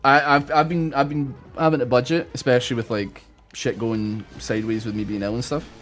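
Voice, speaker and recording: A man chats loosely while he plays a video game, spinning a long, rambling story full of swearing and sudden bursts of excitement. His pitch sits in an ordinary middle range. Faint game music plays quietly behind him. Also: fairly quick. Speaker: gaming YouTuber. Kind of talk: casual gameplay commentary.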